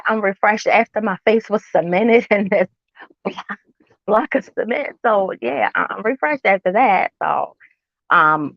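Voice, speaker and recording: A woman's voice: medium pitch, vocal fry, no room sound, highs cut off. A woman in her forties chatting to camera about skincare in a rambling way and asking her viewers questions. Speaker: wellness vlogger. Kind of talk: casual chat to camera.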